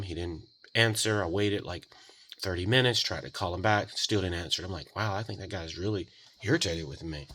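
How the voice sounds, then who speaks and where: A man with a somewhat low voice tells a story from his repair shop, rambling and casual. He trails off, restarts, and slips into quoted voices as he goes. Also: fairly bright tone. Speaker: golf cart repair technician.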